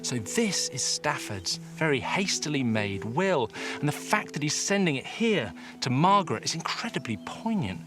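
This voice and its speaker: Lively documentary presenter, a man. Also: on the high side, normal speed, few pauses. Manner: engaged, expressive storyteller. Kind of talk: presenting on location. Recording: music bed behind.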